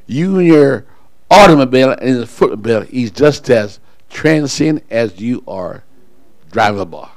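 A pastor preaching a sermon to his congregation, calling people up front and pausing for call-and-response. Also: mid-range voice, expressive, darkish tone, dry recording, rough recording.

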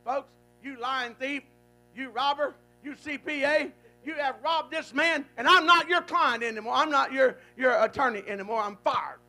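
A man acting out an indignant male attorney denouncing someone. The voice is very high with gravel in it, delivered as part of a sermon. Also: moderate pace, soft background music, full character voice. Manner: accusing, forceful.

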